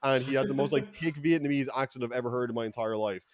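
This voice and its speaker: A man's voice: mid-range voice, fast talker. A young man telling rambling, profane stories in a casual podcast chat, full of fillers and restarts. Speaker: podcast co-host.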